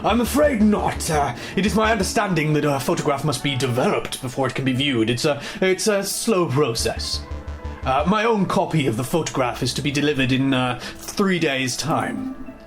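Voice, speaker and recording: A smug aristocratic baron, as a man puts him on, drawling in a put-on posh English accent. The voice sits a touch higher than usual and swoops about with lively pitch, and music plays behind him in a video game. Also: moderate pace, natural voice. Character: posh pompous male baron, wealthy aristocrat.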